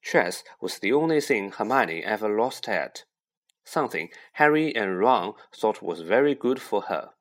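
Male audiobook narrator; unhurried, animated. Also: on the low side.

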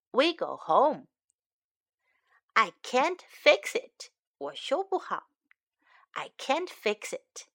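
A woman reading a picture book slowly and clearly to children, repeating phrases and translating as she goes. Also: fairly high pitch, sharp tone. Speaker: storyteller and English teacher for children. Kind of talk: slow bilingual read-aloud for kids.

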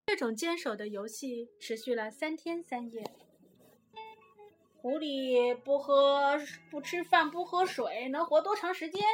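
A woman, the child host's mother, reading a children's story aloud in a lively, expressive way. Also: on the high side. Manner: lively expressive reading, lifts her voice for the characters' lines. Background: faint guitar music.

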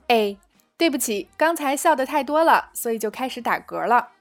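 A woman with a high voice teaches phrases in a scripted lesson. She reads short dialogue lines clearly and carefully, then explains them in Mandarin. Faint music plays under her voice. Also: animated, moderate pace. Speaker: English teacher.

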